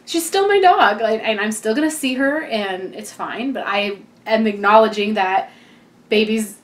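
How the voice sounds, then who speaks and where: A woman's voice: mid-range voice, a little slow. A heavily pregnant young woman giving a casual, rambling vlog update, chatty and laughing often. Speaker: vlogger.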